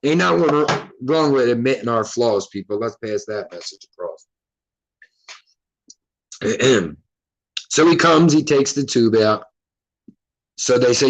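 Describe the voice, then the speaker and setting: A man's voice: mid-range voice, low-quality recording. A man, host of his own show, telling a long personal story to viewers in a loose, rambling way, swearing and breaking off mid-sentence. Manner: loose, rambling, profane and self-interrupting. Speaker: podcast host.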